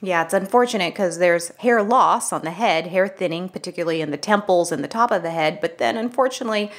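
A middle-aged woman co-hosting a health podcast, explaining things in a casual, conversational way that turns animated when she tells a story. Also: on the low side, quick pace. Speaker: podcast co-host, health practitioner.

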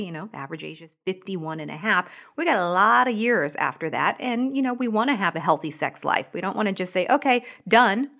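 A woman's voice: fairly low pitch, fairly bright tone. A woman co-hosting a health podcast, explaining in a conversational way with frequent fillers. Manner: conversational, frequent "you know". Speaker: podcast co-host, doctor. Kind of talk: casual health podcast talk.

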